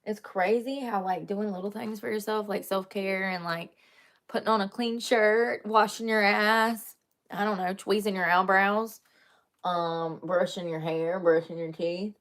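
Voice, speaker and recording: A woman's voice: medium pitch, steady tone, a little slow, a bit bright. Young woman vlogging, chatty and jokey, cusses a lot, talks right to the camera. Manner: chatty, joking, swears casually. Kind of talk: casual chat to camera.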